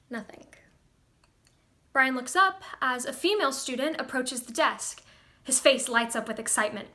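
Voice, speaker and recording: A woman reads a screenplay's stage directions aloud in a brisk, crisp manner. Her voice is high and bright. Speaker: actress reading a screenplay. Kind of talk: screenplay reading.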